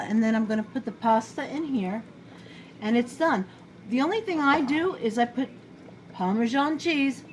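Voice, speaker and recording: A middle-aged woman with a New York accent chats her way through a home-cooked dish in her kitchen, wandering off topic and joking at her own expense. Her voice sits a bit high. The home recording carries clear background noise. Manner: chatty, rambling, self-deprecating. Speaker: home cook vlogger. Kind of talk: casual cooking chat to camera.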